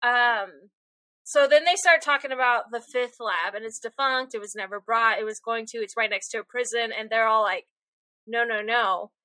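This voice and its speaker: Young woman podcast co-host, animated rambler, high bright voice, dry close sound. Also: normal speed, no echo. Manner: animated, rambling, self-deprecating. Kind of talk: casual chat.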